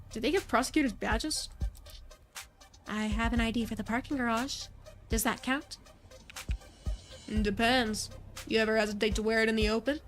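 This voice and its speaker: A woman streamer reading a visual novel's dialogue aloud, voicing every character in a near-plain voice and adding brief asides. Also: fairly high pitch.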